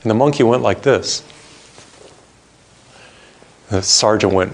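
A man preaching a sermon, reading scripture and telling a joke, slowing down to stress his points. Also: on the low side. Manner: storytelling, varied pace, emphatic slowing on key points.

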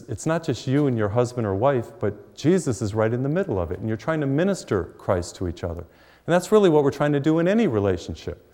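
A man's voice: on the low side, darkish tone, in a large hall. A middle-aged man preaching a sermon, telling a story with emphasis and humor.

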